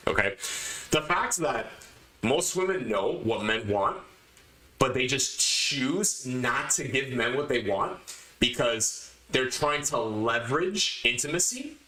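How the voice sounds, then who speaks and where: Male podcast host, bright forceful tone, lectures emphatically, echoey room. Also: mid-range voice, a little hiss or hum. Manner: emphatic, lectures the listener directly, repeats points. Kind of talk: opinionated podcast monologue.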